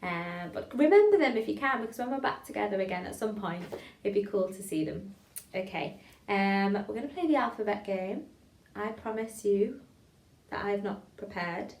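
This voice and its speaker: Her mid-range voice has a darkish tone as she runs an online drama improv class. She's talkative, supportive and self-deprecating, giggling when she trips up, and the distant mic picks up an echoey room.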